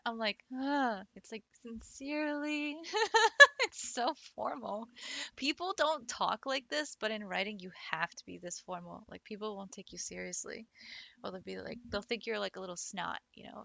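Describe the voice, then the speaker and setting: A woman's voice: medium pitch, normal speed, gravelly, pushed and bright, dry recording. A woman who teaches French, chatting casually on a livestream, giggling often and swearing offhandedly. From United States.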